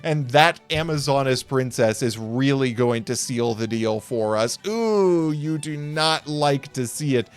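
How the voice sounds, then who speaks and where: A young man giving playful, jokey play-by-play commentary on card game duels, with quick excited reactions. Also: medium pitch, clear, resonant tone, soft background music.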